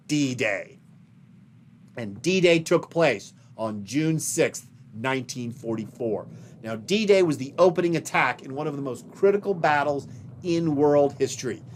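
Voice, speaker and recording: Man giving a slow, emphatic history lecture. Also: on the high side, animated, a little hiss or hum. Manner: explains slides, pointing to images above him. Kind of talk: recorded video lecture.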